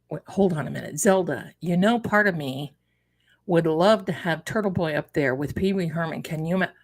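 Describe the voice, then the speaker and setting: A woman hosting a live tarot stream, chatting in a loose, exclamatory way while she fiddles with her setup. Her voice sits a little low, and she talks unhurriedly, drawing out her words. It sounds like a home computer mic. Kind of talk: casual live-stream chat.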